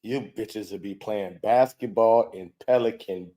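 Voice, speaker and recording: Male reaction host, rants and heckles, swears freely, breaks into shouts. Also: lowish voice, unhurried. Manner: profane, heckling, loud outbursts. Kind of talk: ranting reaction commentary.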